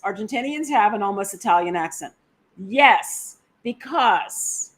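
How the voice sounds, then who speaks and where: A woman from the United States hosting a casual live stream, enthusiastically reading out and reacting to viewer comments. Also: a little high. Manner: enthusiastic, exclamatory. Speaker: co-host of a travel live stream.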